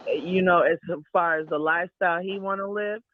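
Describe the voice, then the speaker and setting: A man's voice: high-pitched, steady tone, a little fast. A man calling in to a talk show, giving rambling, opinionated takes and repeating himself. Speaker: caller. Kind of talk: casual opinionated chat. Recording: tinny phone line with faint hiss.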